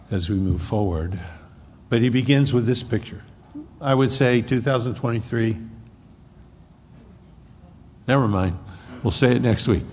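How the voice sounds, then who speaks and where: A male pastor preaching a sermon with emphatic swings from loud stress to soft, low asides, with a husky, gravelly voice. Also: slight background noise. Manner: emphatic, rising to bursts of loud stress then dropping soft. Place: church hall. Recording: long hall reverb.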